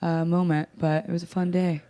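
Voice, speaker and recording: A young adult woman comedian swaps stories in a loose, casual chat. She is blunt and profane, laughs easily and mocks herself, with a slightly low pitch. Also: flat delivery, brisk, dark tone. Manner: blunt, profane, self-mocking, laughs often. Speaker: comedian guest.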